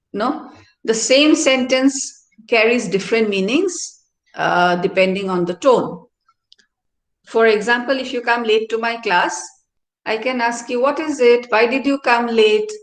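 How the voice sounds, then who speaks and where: Recorded with roomy hall echo in a university activity centre, a middle-aged professor delivers an explanatory lecture in a voice on the high side, without hurrying. She regularly tags her points with "all right?" and "no?".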